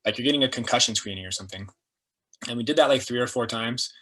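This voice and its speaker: A man's voice: mid-range voice, fast, fairly bright tone. A young adult man, a performance coach, telling stories casually and animatedly, with lots of "like" and "dude". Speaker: strength and performance coach, guest. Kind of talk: casual storytelling.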